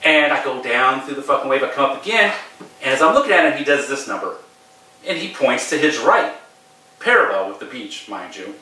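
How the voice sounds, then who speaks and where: A man's voice: mid-range voice, sing-song, brisk, pushed and bright. A middle-aged man, a podcast host, telling a personal story in a casual, profane, emphatic way. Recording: very echoey room, distant mic.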